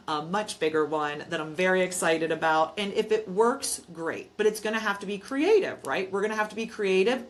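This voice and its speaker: A woman who manages and invests in property chats on a casual podcast, speaking at a medium pitch. She explains points emphatically and tells stories where she plays both sides of the exchange.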